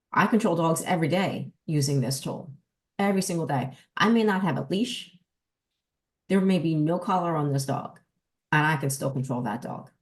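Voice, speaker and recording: A woman with a New Jersey accent hosting a podcast as a dog trainer, explaining in an emphatic, lively teaching manner. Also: deep voice. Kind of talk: casual podcast talk.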